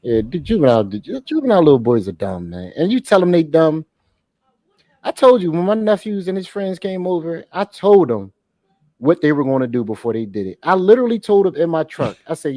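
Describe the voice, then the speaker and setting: A man co-hosting a casual talk show, teasing his friends and ranting about dumb kids. His voice is warm and mellow, with lively pitch swings, and it sounds dry and close. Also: a little fast, no room sound. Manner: teasing, joking ribbing of friends. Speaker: podcast co-host. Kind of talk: casual chat.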